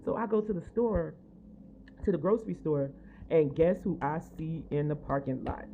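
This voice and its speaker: A woman's voice: low voice, moderate pace. A woman vlogger telling a personal testimony in a chatty, rambling, half-whispered way, recorded on a phone at home. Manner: rambling, chatty, animated, quotes others in her retelling. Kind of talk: casual storytelling, half-whispered. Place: own apartment building. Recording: tinny phone-like audio with faint noise.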